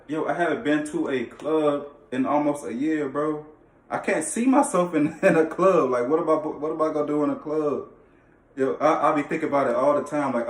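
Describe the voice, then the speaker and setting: Man vlogging an earnest testimony in loose slang, recorded echoey from across the room. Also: medium pitch. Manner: earnest, repetitive, slangy, often restarts phrases. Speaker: vlogger sharing a faith testimony. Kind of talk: casual personal testimony. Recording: echoey room, distant mic.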